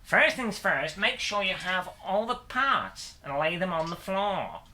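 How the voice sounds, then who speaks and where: A man's voice: sits high, very animated, measured pace, pushed and bright, exaggerated voice. A man voicing a slick male presenter with a put-on American accent, delivering upbeat, scripted how-to patter. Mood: chipper.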